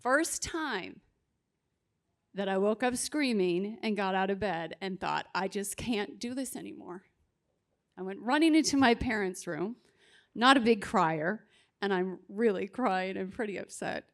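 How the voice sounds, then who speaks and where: A woman giving a personal testimony on a panel, telling it deliberately and dramatically. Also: medium pitch, lively intonation. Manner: slow, deliberate, dramatic storytelling. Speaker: abortion survivor panelist. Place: conference stage.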